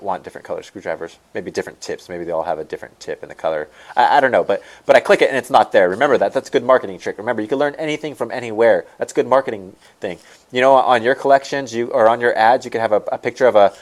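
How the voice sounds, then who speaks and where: A man runs a screen-share lesson for people selling online, moving along at a quick clip in a fairly low voice. He rambles, stumbles over his own words and repeats himself while he talks straight to his viewers. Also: a little mellow. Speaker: online store coach.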